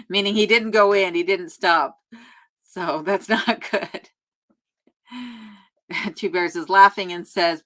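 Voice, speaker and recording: A woman's voice: on the low side, fairly bright tone. A woman hosting a casual live stream from her remote home, reading viewer comments aloud and chatting back in a friendly way with frequent laughs and ums. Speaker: YouTube host answering live chat.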